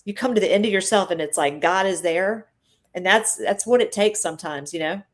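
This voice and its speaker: A woman's voice: medium pitch, fairly quick. A middle-aged woman, guest on a live stream, telling an emotional faith and healing story in a chatty, earnest way.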